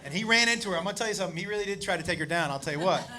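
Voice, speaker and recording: A male stand-up comedian telling a crude story, animated and loud, shouting his punchlines. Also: high-pitched, racing. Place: comedy club stage. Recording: live club set with audience laughter and noise. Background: audience laughing.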